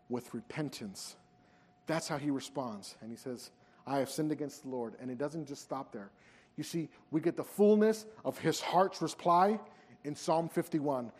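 A man preaching a sermon in an earnest, pleading way, pushing hard at some moments and dropping soft at others. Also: medium pitch, husky. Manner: earnest, pleading, rises and drops in intensity. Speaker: pastor. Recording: hall reverb.

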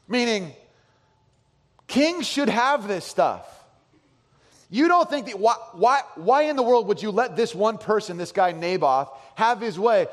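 A man in his thirties preaching a sermon, telling stories in an animated way and swinging from loud to quiet. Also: fairly high pitch, normal speed. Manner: animated storytelling, voices his son and swings from loud to soft. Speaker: pastor. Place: large church hall. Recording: long hall reverb.

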